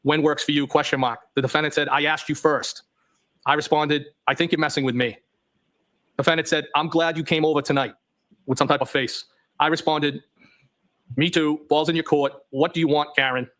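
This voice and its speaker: A man on the witness stand reads out a chain of text messages, calling out every question mark along the way. His voice sits a bit high for a man. He delivers it plainly, in a courtroom. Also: steady tone, moderate pace, a bit bright. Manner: reads plainly, voicing punctuation marks. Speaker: trial witness.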